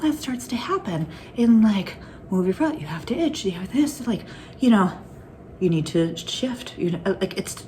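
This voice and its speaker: Speaking into her phone camera, a woman with a fairly high pitch and darkish tone rambles candidly in a casual personal vlog, laughing through her anxious stories. There's slight background noise.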